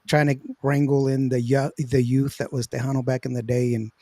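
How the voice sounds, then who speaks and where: Laid-back man with a mellow voice. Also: medium pitch, flat delivery, brisk, no echo. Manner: rambling, loose, with many fillers and restarts. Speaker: interview host. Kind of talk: casual interview chat.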